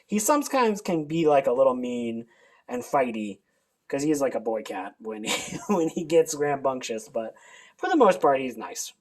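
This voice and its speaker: A man's voice: medium pitch, lively intonation, moderate pace, darkish tone. A man chatting casually in a rambling vlog, laughing often as he talks. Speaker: channel host. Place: at home.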